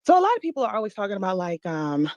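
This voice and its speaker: A woman's voice: mid-range voice, big pitch swings, very fast, a little mellow, dry recording. A woman from Virginia, an author calling in to a talk show, chatty and friendly. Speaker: caller and author.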